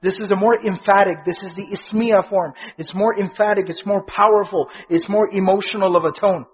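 A man's voice: high voice, fairly even intonation, a little fast, lo-fi sound. A man teaching an Islamic lesson, explaining the meaning of prayer words, asking questions and answering them himself, with Arabic terms woven in. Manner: explanatory, asks and answers his own questions; fluent Arabic terms, repeats key phrases for emphasis.

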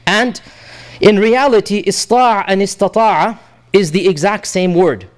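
A man's voice: high-pitched, measured pace. A man teaching a Quran lesson, reciting verses in Arabic and then translating and explaining them patiently, repeating key points. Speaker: Islamic teacher.

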